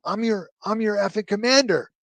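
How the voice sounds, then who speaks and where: A man's voice: high voice, moderate pace, a bit bright, no room sound, voice pushed up. A man imitating a brash, cursing male army colonel who barks his lines and breaks off his curses. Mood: gruff, incredulous. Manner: barking, rough-spoken, cuts off his own curses.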